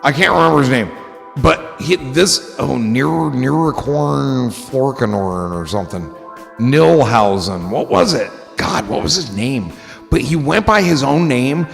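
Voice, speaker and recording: A man's voice: on the high side, animated, measured pace, gravelly, fairly bright tone, big-room sound, soft background music. A man hosting a livestream in casual chat, rambling and joking with a loose, swearing manner. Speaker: livestream host.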